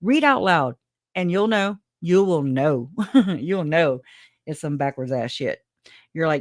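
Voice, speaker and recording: A woman's voice: sits low, lively intonation, takes it slowly, dry recording, studio quality. Rambling, laughing woman livestream host. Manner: rambling, laughs often, swears casually; emotional, grateful. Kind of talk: casual livestream chat, reading viewer comments.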